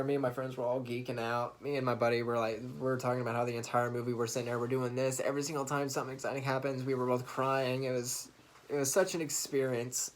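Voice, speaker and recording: A man's voice: medium pitch, level tone, moderate pace. A young adult man talking casually to camera in a vlog, retelling a movie with eager restarts and the odd laugh. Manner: earnest, enthusiastic fan recounting a movie with restarts and laughs. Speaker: vlogger.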